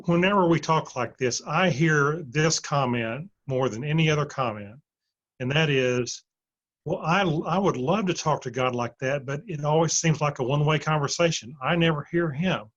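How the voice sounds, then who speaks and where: A man's voice: on the high side, normal speed, muffled recording. A male host asking a guest a direct, friendly question in a conversation.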